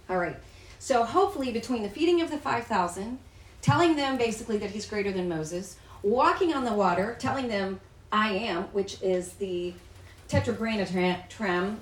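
A woman's voice: mid-range voice, echoey room, far from the mic, low-quality recording. A woman leading a Bible study, explaining the text in a chatty way, asking the group questions and reading passages aloud. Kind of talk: teaching and reading scripture aloud. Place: room with a small group.

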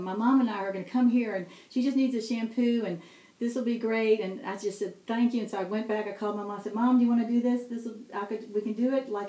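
Woman, 50s, devotional storyteller, mid-range voice, roomy sound. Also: medium pitch. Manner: storytelling, animated quoted dialogue, laughing asides. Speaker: speaker sharing testimony. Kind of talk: devotional talk. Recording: echoey room with faint ambience.

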